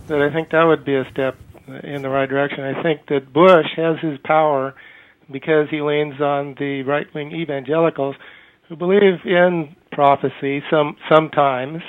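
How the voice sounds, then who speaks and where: A man calling in to a talk show, speaking haltingly with many hesitations and partly reading from notes. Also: on the high side, fairly even intonation. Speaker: caller. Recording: tinny phone line.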